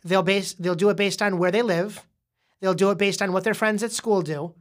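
A woman hosts a casual podcast in a steady, medium-pitched voice at a moderate pace. Her guest is a young child whom she patiently explains things to and quizzes, and she repeatedly restarts what she's saying.

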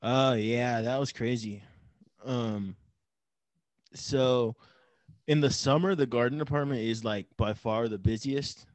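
A man's voice: mid-range voice, slow pace, long pauses, no room sound. Laid-back podcast host man. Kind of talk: casual chat.

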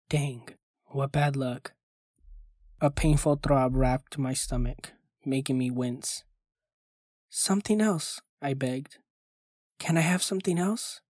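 A man reads a horror story in scripted narration, keeping a steady, measured delivery. His mid-pitched voice barely rises or falls. The sound is dry and close to the mic, with no room around it. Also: no room sound. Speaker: host and narrator.

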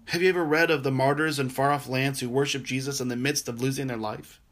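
A man preaching a sermon, earnest and gentle, sometimes dropping to a soft, quiet voice for tender passages. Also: medium pitch, fairly even intonation, quick pace. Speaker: pastor.

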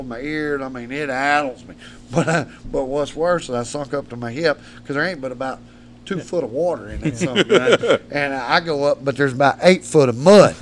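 A man's voice: on the high side, a little hiss or hum. A man, a podcast guest telling wild stories in a studio, laughing often and swearing freely. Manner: animated, laughs often, salty language. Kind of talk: rowdy storytelling.

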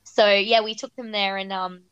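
A woman's voice: medium pitch, level tone, moderate pace, a bit bright, clean tone, no room sound, muffled recording. A woman in her thirties hosting a podcast, telling a family story in a chatty way with fillers. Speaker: podcast host. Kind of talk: podcast conversation.

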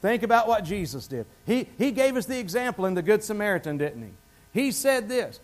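Male pastor, high voice, conversational sermon delivery, quizzes the congregation. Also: big pitch swings, fairly quick. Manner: conversational, asks the congregation questions. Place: church.

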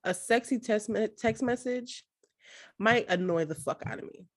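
A woman's voice: fairly high pitch, moderate pace. A young woman co-hosting a podcast in casual chat, blunt and emphatic, swearing freely. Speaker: podcast co-host.

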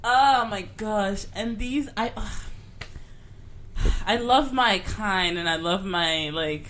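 Female co-host, animated, opinionated casual chat. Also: mid-range voice, takes it slowly, slight background noise. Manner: animated, outspoken, laughs a lot. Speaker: podcast co-host.

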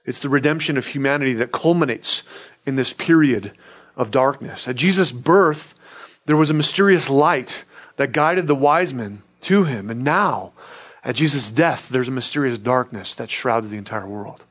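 A man's voice: medium pitch, moderate pace, a bit bright. A pastor, a man, preaching an earnest sermon in a conversational way and often checking in with his listeners.

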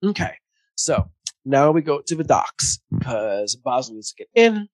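A man's voice: medium pitch, measured pace, no room sound. A young man co-hosting a podcast, chatting casually and acting out quotes as he retells a movie scene. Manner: animated storyteller, acts out quotes. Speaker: podcast co-host. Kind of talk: casual movie recap chat.

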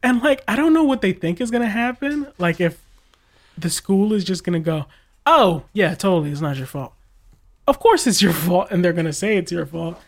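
A man's voice: high voice, lively intonation, brisk, vocal fry. A young man who works school tech support, chatting casually and telling exasperated stories about callers. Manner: exasperated storytelling, quotes callers in mocking voices. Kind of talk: casual podcast chat.

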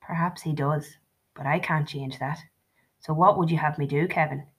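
A woman reading the part of a careful middle-aged father who speaks low and gently. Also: fairly even intonation, fast. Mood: gentle. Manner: low-voiced, reasoning, gentle.

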